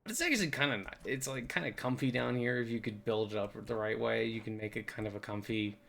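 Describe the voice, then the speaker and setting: A man's voice: mid-range voice, fast, creaky, a bit bright. A young man giving a rambling, goofy tour of a game map, joking and putting on silly voices now and then. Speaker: game video host.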